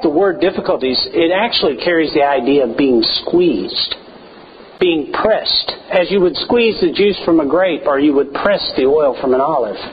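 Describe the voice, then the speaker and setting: Earnest high-voiced male preacher. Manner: earnest, rhetorical questions, shifts from soaring to hushed. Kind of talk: sermon. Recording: dull lo-fi, faint hiss.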